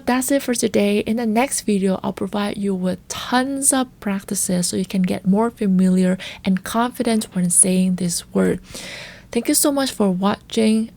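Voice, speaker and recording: A woman teaching a language lesson, speaking carefully and repeating example words slowly to model their pronunciation. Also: mid-range voice, warm tone.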